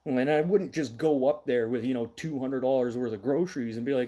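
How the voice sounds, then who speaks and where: A man's voice: mid-range voice, a little fast, mellow. A middle-aged man from Manitoba, hosting a casual livestream news show, blunt and ranting, swearing now and then. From Manitoba, Canada.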